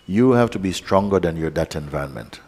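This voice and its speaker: A man giving a calm, unhurried satsang teaching as a spiritual teacher, pausing often and speaking softly. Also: sits low. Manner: calm, unhurried, with pauses and soft asides. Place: large meeting hall. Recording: hall with long reverb.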